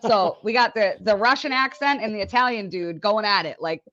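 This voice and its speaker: A woman guest on a podcast telling stories in a casual, animated way, laughing often and acting out the people she quotes. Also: medium pitch, moderate pace. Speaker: podcast guest, business owner. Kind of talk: casual storytelling. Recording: dull lo-fi dry audio.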